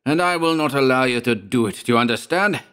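A man's voice: fairly low pitch, very animated, moderate pace, fairly bright tone. A man voicing an angry, domineering village doctor who hectors and commands in a storybook reading.

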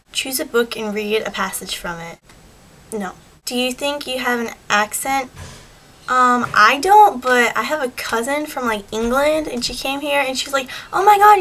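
A teenage girl chatting casually and slowly reading a list of words aloud at home. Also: on the high side, gravelly, a bit bright, slight background noise, rough recording. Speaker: vlogger. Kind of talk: casual accent challenge reading.

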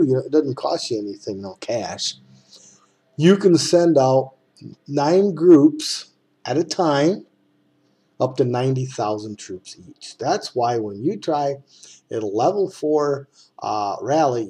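A man's voice: medium pitch, mellow, slightly rough. A man with a folksy, rambling way of talking, who speaks straight to the viewer as he walks through a computer game. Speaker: game tutorial maker. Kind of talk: casual screen-recorded game tutorial.

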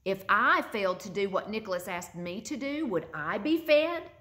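A woman reading a storybook aloud and voicing an eager, lively young boy. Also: mid-range voice, moderate pace, pitched above the performer's own voice, lightly acted. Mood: playful scolding. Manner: bright, excited, scolding fondly.

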